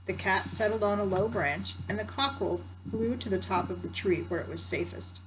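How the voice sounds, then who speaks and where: A woman's voice: medium pitch, moderate pace, noisy background. An older woman, a grandmother, reading a children's story aloud with chatty asides to her grandsons. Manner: warm chatty asides to the listener.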